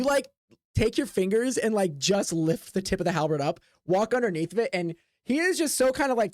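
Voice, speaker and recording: A man's voice: high-pitched, dry recording. Chatty male game master, dry close sound. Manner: loose and chatty, with frequent restarts. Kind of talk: narrating a tabletop game.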